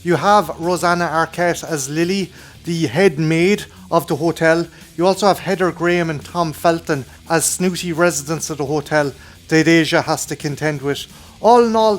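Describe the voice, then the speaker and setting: Sweary Irish man reviewing films. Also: fairly high pitch. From Ireland. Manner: enthusiastic, heavy casual swearing. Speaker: film review host. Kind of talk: casual film review monologue.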